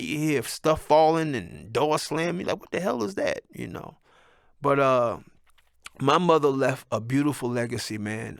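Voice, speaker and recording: A man in his sixties speaks to his viewers in a candid, rambling monologue. His voice is gravelly and has a clear fry in it, and he is blunt and reflective. The recording is close and dry. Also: medium pitch, dry recording. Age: 60s. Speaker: vlogger.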